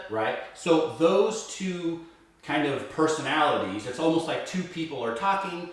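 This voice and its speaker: A male violin teacher with a fairly high, expressive voice guides a student through a piece step by step, explaining patiently and at an unhurried pace. He checks in often with "right?", and the recording is roomy and echoey with the mic placed at a distance.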